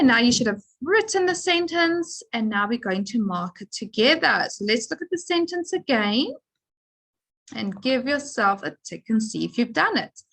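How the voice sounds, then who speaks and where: A woman teaches young children to read, breaking words into their sounds and stressing each one. She speaks slowly and deliberately in a fairly high voice. Her delivery is clear and patient, like a classroom lesson for beginners. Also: fairly bright tone, rough recording. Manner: sounds out letters and words with slow emphasis.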